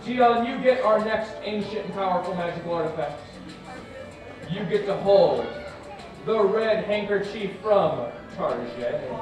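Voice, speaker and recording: A man's voice: high voice, expressive, unhurried. A man performing as a children's magician at a live orchard show, playful and chanting, with mock surprise. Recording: distant, echoey, with music and crowd.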